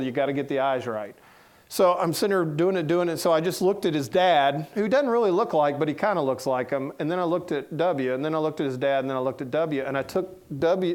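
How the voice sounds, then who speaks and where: A man's voice: fairly high pitch, a little mellow. A middle-aged man with a Southern American accent, a cartoonist giving a casual talk in a lecture room, telling folksy, joking anecdotes. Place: lecture room before an audience.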